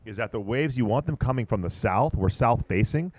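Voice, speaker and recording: A man commentating live at a surfing contest, chatty and excitable, rambling about boards and waves. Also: medium pitch, a little fast.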